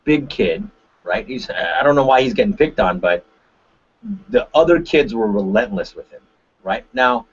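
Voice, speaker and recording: A man from Korea, a martial arts instructor, giving an animated webinar talk on a call and tagging his points with "right?". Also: mid-range voice, normal speed, breathy edge. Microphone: conference call line. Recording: dull lo-fi call audio.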